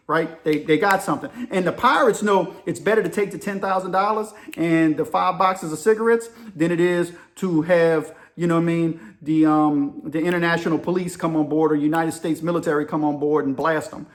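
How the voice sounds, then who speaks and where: A man talking casually to his viewers, mixing opinion with stories. He speaks in a slightly high voice and keeps an animated, chatty delivery. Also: moderate pace, hardly any pauses. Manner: animated, addresses listeners as y'all. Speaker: commentator on current events. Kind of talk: casual video commentary and storytelling.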